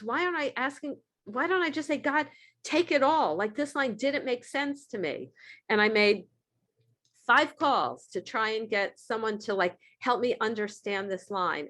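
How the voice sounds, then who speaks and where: A woman's voice: on the high side, fairly bright tone. A woman giving an earnest, candid talk on recovery steps, reading short passages aloud and then reflecting on them. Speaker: speaker at a recovery meeting.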